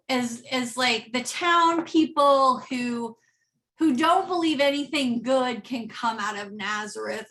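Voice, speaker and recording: In a church, a woman pastor with a high, pushed, bright voice preaches conversationally. She keeps checking in with the congregation, often asking "right?"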